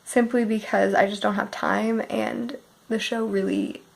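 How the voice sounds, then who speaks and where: A young woman in her early twenties from Canada, musing sleepily and softly about books while unwell, often dropping to a half-whisper. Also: mid-range voice, very animated, a little slow, creaky, rough recording. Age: early 20s. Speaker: book vlogger.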